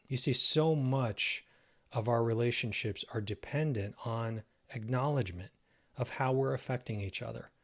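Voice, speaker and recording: A man coaching listeners on relationships, speaking calmly and laying out his points step by step. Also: mid-range voice. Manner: calm, measured, explains step by step. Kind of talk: instructional self-help talk.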